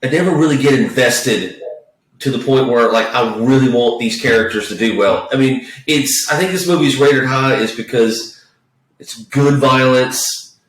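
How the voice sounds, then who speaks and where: A man's voice: medium pitch, moderate pace, a bit bright. A man co-hosting a podcast, talking casually about a movie in a rambling, profane way full of restarts. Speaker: podcast co-host. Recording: echoey room, distant mic.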